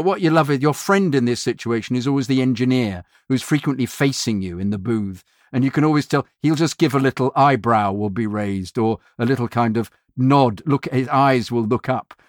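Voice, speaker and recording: A man's voice: medium pitch, no room sound. Man rambling through a studio anecdote. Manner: rambling, full of restarts and fillers. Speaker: voiceover artist. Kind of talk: anecdotal storytelling.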